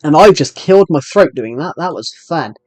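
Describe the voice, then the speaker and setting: A young man chats through a gaming live stream. His voice sits a little high and sounds close and dry on a desk mic. He rambles and jokes, with faint game music underneath. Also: animated, normal speed, darkish tone, dry recording. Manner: hyper, jokey, rambling, answers chat messages. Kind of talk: casual live-stream chat while gaming.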